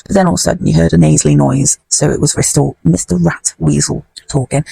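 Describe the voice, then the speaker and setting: A woman's voice: low-pitched, steady tone, quick pace, vocal fry, few pauses, warm tone, husky. A woman hosting a podcast, telling a story in a blunt, sweary, rambling way. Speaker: podcast host. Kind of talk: casual podcast chat.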